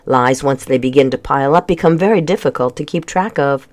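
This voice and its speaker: A reader calmly narrating a children's storybook chapter aloud at a measured pace. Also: mid-range voice. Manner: calm, measured reading.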